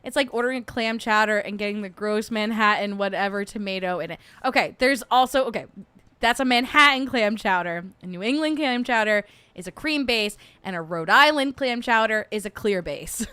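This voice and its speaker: A woman's voice: medium pitch, sharp tone, clear, resonant tone, no echo. A young adult woman hosting a casual livestream, chatty and playful, laughing often as she rants about food. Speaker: podcast host.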